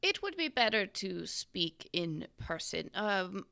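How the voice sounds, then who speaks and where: A woman voicing a formal young society woman on a phone call in a tabletop role-play, polite and halting. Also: medium pitch, very animated, gravelly, sharp tone, clear, resonant tone, heavily acted. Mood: worried.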